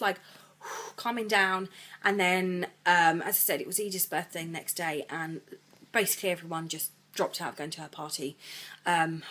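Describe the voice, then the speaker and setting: A woman's voice: on the low side, slightly rough. A pregnant woman, rambling through a chatty vlog story and acting out what others said. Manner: rambling, animated retelling, quoting others. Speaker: vlogger.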